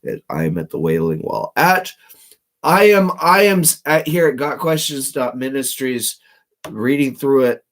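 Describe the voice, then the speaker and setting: A man giving rambling solo commentary while reading aloud, meandering and restarting often, swinging between louder bursts and low mumbles. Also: lively intonation, a little slow. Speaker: channel host.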